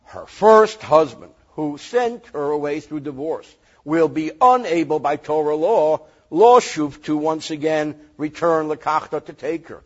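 Male rabbi, reading, lively joking lesson; raspy tone and a muffled, low-fi recording. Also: unhurried. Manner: animated, joking, reads Hebrew verses then translates. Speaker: rabbi teaching Torah.

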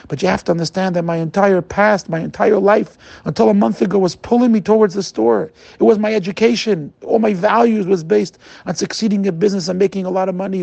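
A man's voice: high-pitched, vocal fry, darkish tone, dry recording, full character voice. A man voicing a remorseful, middle-aged man who confesses his wrongdoing to a rabbi and pleads for forgiveness. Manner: pleading, emotional.

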